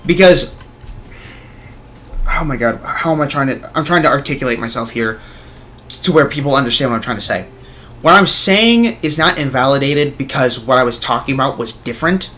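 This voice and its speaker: A man's voice: mid-range voice, animated, moderate pace, sharp tone, slight background noise. A young man streaming a game, ranting with heavy swearing about the story, then apologizing for getting heated. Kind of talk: casual livestream chat while gaming.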